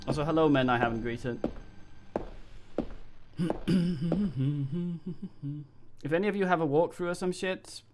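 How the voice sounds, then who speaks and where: A man's voice: on the high side, takes it slowly, pauses often, background noise. A man streaming a game live, talking casually in a rambling, mumbling way with frequent swearing.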